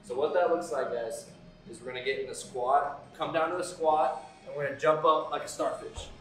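Upbeat coach in an echoey room. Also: male voice, a little high, steady tone, brisk, fairly bright tone. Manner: upbeat, counting reps and cheering on. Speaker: fitness coach. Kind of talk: live-stream workout instruction. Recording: echoey room, far from the mic, faint music.

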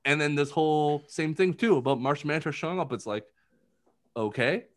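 A podcast co-host with a highish, expressive voice talks through a movie review in casual chat. He rambles, leans heavily on filler words, and jumps into quick impressions.

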